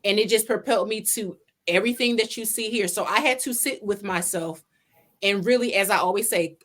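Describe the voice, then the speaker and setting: A woman, a podcast guest, telling her story in a casual interview from her home office over a video call, animated and acting out her own past words. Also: medium pitch, a little fast. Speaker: podcast guest, pageant winner and salon owner.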